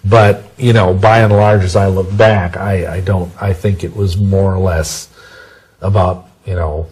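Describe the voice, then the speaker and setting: Man, low husky voice, rambling interview answers, folksy sayings, frequent restarts. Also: little pitch movement, a little slow, a little mellow, rough recording. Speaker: interview guest. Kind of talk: conversational interview testimony.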